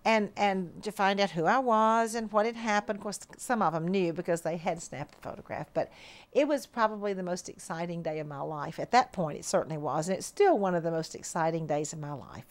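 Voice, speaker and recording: An older woman telling a personal story with excitement, acting out the people in it and imitating her own tearful stammering. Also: on the low side, brisk. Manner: tearful, excited retelling with lively voice impressions. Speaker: interviewee recalling a memory.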